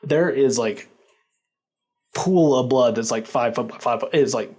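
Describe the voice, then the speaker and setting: A man casually telling a personal story, animated and full of fillers, laughing along as he goes. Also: medium pitch, measured pace, husky. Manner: animated, acts out quoted lines, filler-heavy.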